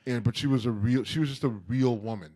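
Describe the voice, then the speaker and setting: A man's voice: mid-range voice, quick pace, dark tone. A middle-aged man co-hosting a podcast, chatting loosely and rambling with lots of fillers. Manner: rambling, loose, lots of ums and you-knows. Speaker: podcast co-host. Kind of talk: casual podcast chat.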